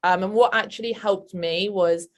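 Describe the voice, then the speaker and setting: A woman's voice: medium pitch, steady tone, moderate pace. A woman with a London accent, a sales manager on a webinar panel, chatting with many fillers over a video call.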